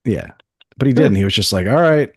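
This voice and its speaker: A man co-hosting a podcast, joking and rambling with restarts and deadpan asides. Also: on the low side, fairly quick, slightly rough, no room sound, studio quality. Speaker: podcast co-host. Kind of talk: casual banter.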